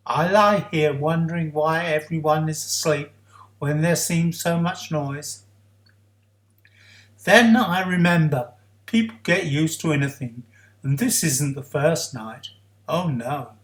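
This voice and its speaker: A man reading a first-person story aloud in a hushed, earnest way, recalling a child's memory. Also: a little high, slow pace. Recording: roomy echo.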